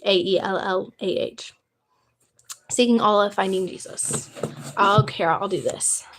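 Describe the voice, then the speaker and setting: A woman's voice: medium pitch, fairly even intonation, measured pace, a bit bright, slight background noise. A young woman from the United States hosting a casual livestream, chatting eagerly and answering viewers' questions. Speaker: livestream host. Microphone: phone.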